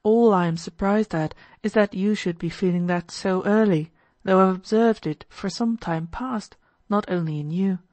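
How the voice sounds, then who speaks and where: A woman voicing a gentle, earnest young man in an audiobook, speaking calmly and sincerely. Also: medium pitch, moderate pace, no echo, lightly acted. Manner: calm, kind, sincere counsel. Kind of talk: audiobook character voice.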